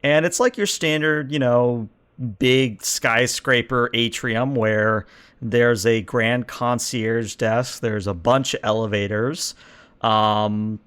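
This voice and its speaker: A man running a tabletop role-playing game, narrating scenes in a lively, playful way and laughing often. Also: medium pitch, clear, resonant tone. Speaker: game master.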